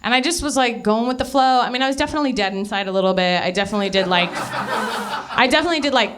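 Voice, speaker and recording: A woman's voice: fairly high pitch, animated, quick pace, a bit bright. Young woman, stand-up comic, out of breath, rambling, self-mocking, swears a lot. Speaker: stand-up comedian. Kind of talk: live stand-up storytelling. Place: live comedy venue.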